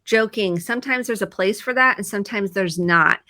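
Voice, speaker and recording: A woman therapist speaks on a video call with a bright, forceful tone. The sound is dry and close. She talks casually and animatedly, acting out her own quoted lines. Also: mid-range voice, a little fast, dry recording. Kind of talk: video chat about mental health.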